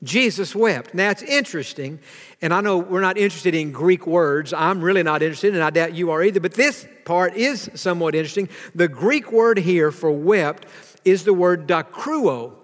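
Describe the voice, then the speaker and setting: A man's voice: sits high, moderate pace, long reverb tail. A pastor preaching a sermon to his congregation in an earnest way, now and then asking them to repeat a line with him.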